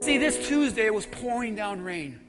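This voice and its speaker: A male pastor preaching a fiery sermon in a church, moving between soft asides and shouted exhortations. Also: high voice, animated, moderate pace. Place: church sanctuary. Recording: long church reverb with music behind. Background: music playing.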